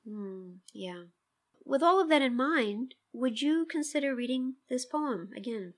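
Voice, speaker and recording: A woman's voice: high voice, animated, unhurried. Reflective woman talking about poetry. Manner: thoughtful, reflective, softens at the ends of thoughts. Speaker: interviewer and literature scholar. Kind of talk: conversational discussion.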